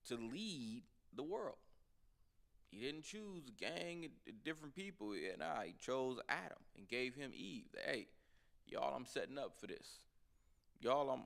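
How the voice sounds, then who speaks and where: A man leads a Bible study in a loose, conversational preaching style. His voice has a gravelly rasp, and he leans hard into his emphatic points while addressing the class as y'all. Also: medium pitch, fairly bright tone. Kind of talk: informal sermon teaching.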